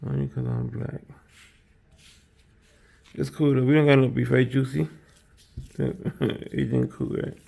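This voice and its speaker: A man's voice: mid-range voice, level tone, a little slow, creaky, long pauses, warm tone. A man streaming from his home kitchen as he bakes, chatting casually with his viewers and rambling, repeating himself often. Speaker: streamer baking on camera.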